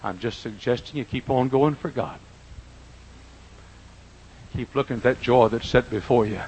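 An older man preaching a folksy sermon in a church, swinging from quiet asides to loud, drawn-out emphasis, with a husky voice. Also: mid-range voice, muffled recording, a little hiss or hum. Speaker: pastor. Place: church auditorium.

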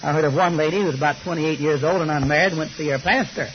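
A man's voice: a little high, rapid-fire. An older man preaching a sermon, telling folksy, joking stories. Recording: slightly muffled recording with faint hiss.

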